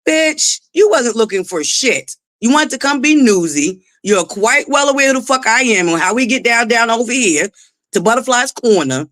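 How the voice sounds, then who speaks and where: Lively, dry-voiced woman livestream host. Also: mid-range voice, moderate pace, dry recording. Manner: greets chatters by name, laughs often, swears freely. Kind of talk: casual livestream chat.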